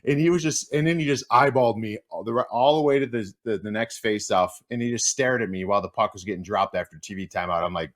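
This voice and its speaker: A man co-hosting a casual show, a former hockey player telling stories in a lively, loose way, swearing freely and using plenty of fillers. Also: lowish voice, fast, few pauses. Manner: animated storyteller, swears freely, many fillers. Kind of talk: casual storytelling chat.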